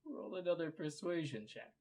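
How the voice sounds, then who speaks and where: A man narrating as game master in a relaxed, casual way. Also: fairly high pitch, moderate pace.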